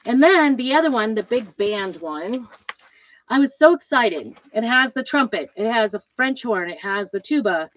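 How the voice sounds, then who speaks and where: A woman's voice: fairly high pitch, lively intonation, moderate pace. A woman casually showing off new craft designs, chatty and rambling, with lots of ums and asides. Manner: self-described trumpet player, fussy about instrument details. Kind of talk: casual show-and-tell vlog. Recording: dull, slightly lo-fi dry recording.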